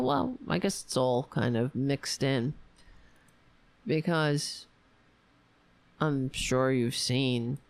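Sarcastic, slow-talking woman ranting. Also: low-pitched, vocal fry, no echo. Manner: sarcastic, profane, ranting with frequent asides; laughs at her own jokes. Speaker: political commentary host. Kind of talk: solo political commentary.

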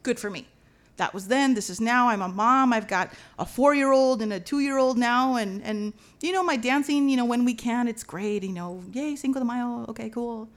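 A woman from Los Angeles telling a personal story as a lively, dramatic monologue, mixing in Spanish slang. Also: a little high, normal speed. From Los Angeles, USA.

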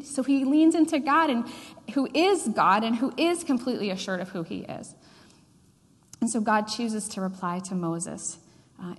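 Her sermon rings with long hall reverb as this fairly high-voiced woman preaches with animation and a conversational tone. She throws in asides directed at the congregation.

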